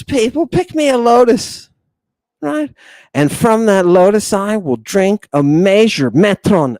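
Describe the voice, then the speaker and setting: A man's voice: high-pitched, darkish tone, no echo. A man teaching a jokey livestream lesson, theatrical and playful, calling out to his viewers. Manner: theatrical, joking, addresses viewers as people. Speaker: online language teacher.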